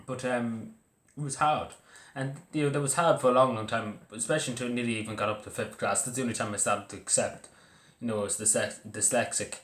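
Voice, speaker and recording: A young Irish man talking casually about his own school days, halting and full of fillers and restarts. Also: medium pitch, fairly even intonation, a bit bright. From Ireland. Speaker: vlogger. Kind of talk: casual personal talk to camera. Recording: echoey room.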